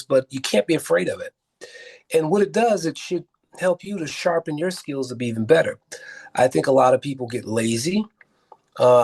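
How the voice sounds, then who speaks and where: A man with a husky, slightly breathy voice sits in as a guest on an interview show. He talks at a mid pitch in an earnest, rambling way, filling pauses with uhs and ums. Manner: earnest, rambling storyteller with frequent fillers. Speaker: film producer and actor, guest. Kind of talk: casual interview storytelling.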